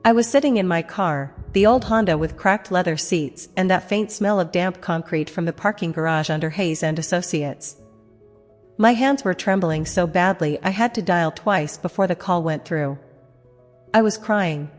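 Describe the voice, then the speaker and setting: Low-voiced woman telling a dramatic story. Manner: measured, dramatic, heavy pauses. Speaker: narrator. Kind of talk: first-person dramatic story narration. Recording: long reverb, music behind.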